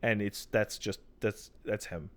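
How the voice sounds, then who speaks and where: A man's voice: fairly low pitch, unhurried. A young man co-hosting a casual gaming podcast, telling stories with mock-exasperated asides and plenty of swearing. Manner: animated storyteller, acts out mock-exasperated quotes, swears freely. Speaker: podcast co-host. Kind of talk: casual podcast chat about video games.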